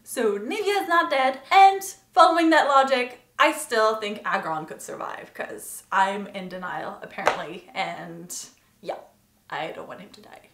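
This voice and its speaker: A woman's voice: mid-range voice, unhurried, a bit bright, slight background noise. A woman reviewing a TV episode in a casual vlog, talking in an emotional, gushing way. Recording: echoey room.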